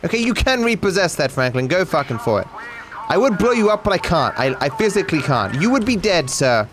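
A man's voice: a little high, sing-song, fairly quick, fairly bright tone, a little hiss or hum. An Australian man giving sarcastic, swearing live commentary on a game as a streamer, talking to his chat.

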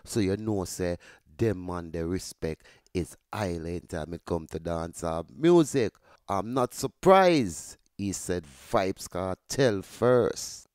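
A man's voice: sits low, a little mellow, no echo, clean studio sound. A man with a Jamaican accent hosting an entertainment news show, talking directly to his viewers. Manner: chatty, addresses viewers directly. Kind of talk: commentary.

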